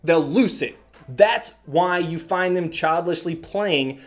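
A man's voice: a little high, slow pace, soft background music. A young man hosting a tech channel, sarcastically reading viewer comments aloud and ranting back at them with frequent swearing. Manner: sarcastic, exasperated, swears freely, mocks commenters in silly voices. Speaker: YouTube tech host.

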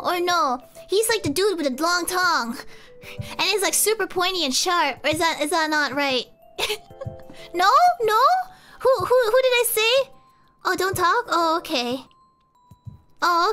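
A young woman chats on a live stream in a very high, bright, sharp voice, giggling often and rambling through guesses she keeps doubting. Faint music plays behind her. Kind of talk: casual live-stream chat.

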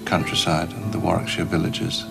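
A man reflects thoughtfully in an interview, pausing and filling gaps as he goes. His voice is low and gravelly, and clear guitar music plays under it. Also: little pitch movement. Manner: thoughtful, with fillers. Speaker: commentator.

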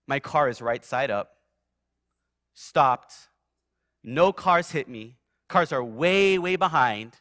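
Bright-voiced man preaching a vivid testimony. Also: on the high side, no room sound, studio quality. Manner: vivid storyteller, surging loud then dropping soft. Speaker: guest preacher. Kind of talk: sermon with personal testimony. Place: church sanctuary.

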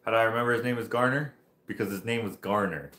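A man's voice: on the low side, fast, bright, forceful tone. A man hosting a livestream, telling a long casual story in a rambling way, laughing and restarting often. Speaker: livestream host. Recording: roomy echo.

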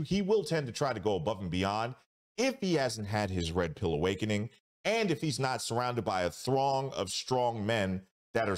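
A man hosting a reaction commentary show, talking emphatically and reacting with drawn-out exclamations. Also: fairly low pitch. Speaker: host.

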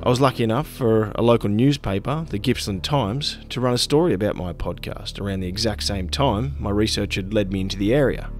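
A man narrating his podcast with a measured, scripted delivery. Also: on the low side. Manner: measured, even storytelling delivery.

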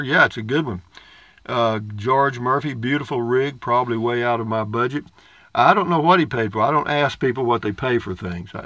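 A man's voice: medium pitch, sharp tone, dry recording, muffled recording. An older man reads viewer comments aloud in a folksy, rambling way with dry humor. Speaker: vlogger reading viewer comments. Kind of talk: casual comment-reading chat.

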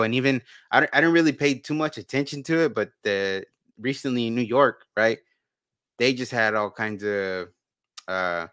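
A man with a bright, clear, smooth voice co-hosts a casual talk. He rambles, repeating and restarting his words. The sound is dry and close. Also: on the low side, dry recording. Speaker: podcast co-host. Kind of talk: casual conversation.

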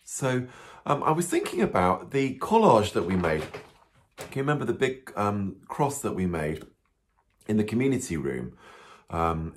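A priest telling a Bible story to children, animated and full of questions, with frequent ums. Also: male voice, mid-range voice. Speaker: parish priest.

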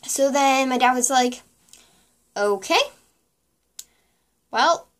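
A young woman speaks straight to her camera in a casual vlog, her voice a touch higher than most. She rambles through a personal story with plenty of "like" and quick quoted lines. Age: young adult. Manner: chatty, many likes and quoted dialogue. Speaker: vlogger.

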